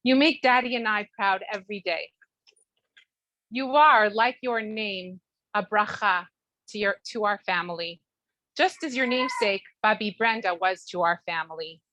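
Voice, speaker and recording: A woman's voice: mid-range voice, pushed and bright, no room sound, rough recording. Heartfelt mother reading a speech. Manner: heartfelt, measured, sprinkled with Hebrew terms. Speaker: mother giving a bat mitzvah speech. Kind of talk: read-aloud family speech. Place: Toronto.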